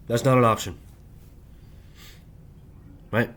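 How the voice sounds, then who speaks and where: A man in a rambling personal monologue, speaking in halting, clipped fragments and tagging nearly every phrase with "right?" in a confrontational way. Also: fairly low pitch, fairly even intonation. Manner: insistent, confrontational address. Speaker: vlogger.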